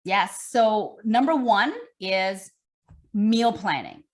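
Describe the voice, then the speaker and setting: A woman's voice: mid-range voice, slow pace. Emphatic woman fitness coach. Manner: animated, repetitive, emphatic coaching talk. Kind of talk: online summit interview.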